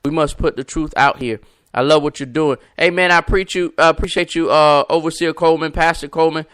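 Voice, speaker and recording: A man's voice: fairly high pitch, fairly even intonation, fast talker, fairly bright tone, clear, resonant tone, no room sound, studio quality. A man hosting a live internet show, talking to listeners in an emphatic, repetitive, preacher-like cadence and greeting viewers by name. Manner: talks to viewers and callers by name. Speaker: podcast host. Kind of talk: live-stream preaching talk.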